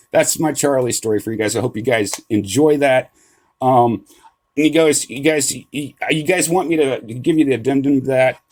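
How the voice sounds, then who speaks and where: Speaking in a lowish voice, a middle-aged man vlogs about card collecting and tells an animated, casual story. It's full of restarts, swearing, and plenty of "right?"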